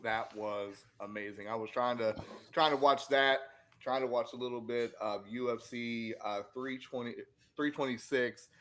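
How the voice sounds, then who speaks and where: A man's voice: medium pitch, fairly even intonation, normal speed, fairly bright tone, a little hiss or hum. A man co-hosting a sports podcast, chatting casually and rambling with many fillers and restarts. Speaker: podcast co-host.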